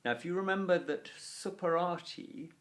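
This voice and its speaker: A man teaching a Latin video lesson, explaining grammar clearly and stressing key words with deliberate pauses. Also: sits high, fairly bright tone.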